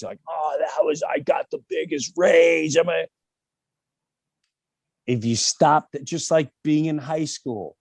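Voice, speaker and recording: A middle-aged man telling stories in a casual interview over a video call, animated and acting out the people he quotes. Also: fairly low pitch, dry recording, studio quality. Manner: animated storytelling, acts out quoted voices. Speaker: comedian interview guest.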